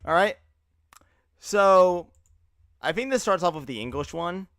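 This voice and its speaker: A young man streaming live, chatting casually and excitably, laughing often and sounding tired. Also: sits high, measured pace, no echo, studio quality. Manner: excitable, laughs often, uses fillers like bro. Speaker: livestreamer. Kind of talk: casual live reaction chat.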